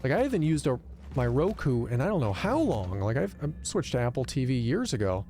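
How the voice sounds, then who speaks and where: Profane, animated male game streamer. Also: medium pitch, moderate pace, a little hiss or hum. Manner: animated storytelling, profane rants. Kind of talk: casual gameplay commentary.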